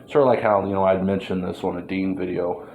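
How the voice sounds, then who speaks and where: A man with a deep, monotone voice rambles through a casual vlog, drifting off track, swearing freely and padding his talk with "um" and "you know." A faint hiss sits under the recording. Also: fairly quick. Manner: meandering, filler-heavy, profane. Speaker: vlogger. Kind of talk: rambling monologue.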